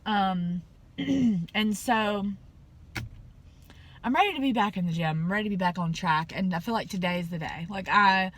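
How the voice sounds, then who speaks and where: A woman's voice: medium pitch, moderate pace, long pauses. A young woman, telling a story in a casual vlog and acting out the people in it, with plenty of fillers. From Southern US. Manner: animated, acts out quoted dialogue, chatty with fillers. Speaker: vlogger.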